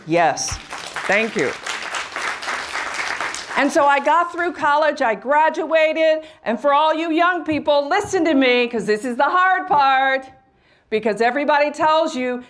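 High-voiced woman telling her story. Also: a little slow, some chatter behind. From rural Missouri. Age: middle-aged. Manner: animated storytelling, voicing people in her story. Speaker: guest speaker. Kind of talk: motivational talk to students. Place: college event with audience.

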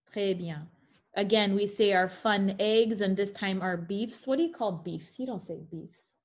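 A woman's voice: medium pitch, unhurried. A woman teaching French pronunciation in an online class over a video call. She reads French examples carefully and adds playful asides.

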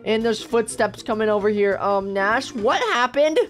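A woman hosting a game video with excited, gasping commentary, easily startled and full of exclamations. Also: mid-range voice, moderate pace. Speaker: gaming host.

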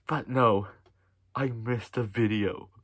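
A man's voice: medium pitch, fairly bright tone, a little hiss or hum. A man making a mock-serious apology vlog, sighing often and putting on a sad, sniffly delivery as a YouTuber speaking to his viewers.

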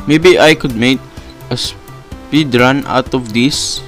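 A man's voice: medium pitch, slow pace, faint music behind. Panicky young man narrating his gameplay. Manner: panicky, exclaiming, laughing often. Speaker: gaming channel host. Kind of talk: live gameplay commentary.

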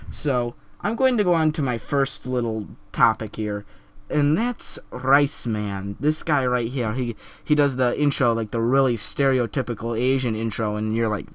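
Young male vlogger, mid-pitched, earnest and halting, dry close sound. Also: no echo. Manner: earnest, halting, with frequent stumbles and repeats. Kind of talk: opinion commentary vlog.

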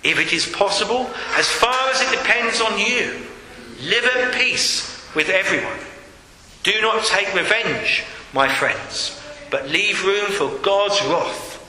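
A man preaches to his church in a high, very bright voice, earnest and steady as he reads scripture aloud. His words ring out through a large church hall with a long, echoing reverb and a faint ambient hum behind him. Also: takes it slowly. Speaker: pastor. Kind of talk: sermon.

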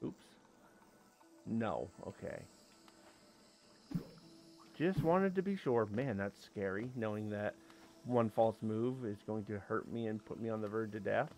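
A man's voice: lowish voice, measured pace, pauses often, a little mellow, faint music behind. A man giving casual commentary as he plays a game, talking to the creatures on screen and breaking into sudden yelps and exclamations. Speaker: let's play host.

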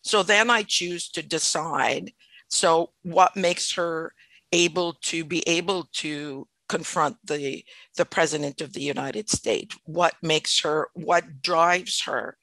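Bright, dry-voiced French Canadian actress. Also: female voice, sits low, slow pace, dry recording. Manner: thoughtful, restarts mid-sentence. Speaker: actor, podcast guest. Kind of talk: casual interview storytelling.

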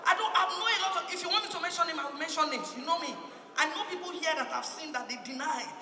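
A woman's voice: very high voice, quick pace, pushed and bright, roomy sound, big-room sound, distant mic. A woman with a Nigerian accent doing stand-up comedy, confiding in the audience in a playful way.

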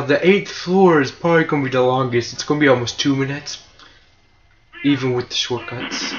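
A young man casually commentating his own speedrun, rambling and self-mocking with sarcastic asides. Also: mid-range voice. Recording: muffled lo-fi with steady hiss.

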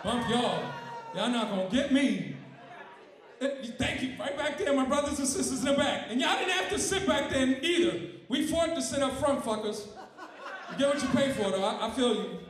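A man's voice: very high voice, expressive, a little fast. A man doing a profane, punchy stand-up routine. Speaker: comedian. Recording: very echoey room with faint crowd.

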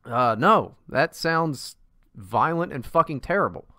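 Male podcast co-host, exasperated profane ranter, animated, dry sound. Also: a little high, a little slow, no room sound. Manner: profane, exasperated ranting with restarts. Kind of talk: casual chat.

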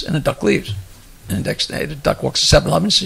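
A man with a high, gravelly voice and a bright, tense edge talks casually as a comedy guest. He rambles through his jokes, chuckling at his own lines as he builds to the punchline. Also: very animated, racing. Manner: chuckles while telling jokes, rambling storyteller. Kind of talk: casual chat and joke telling.

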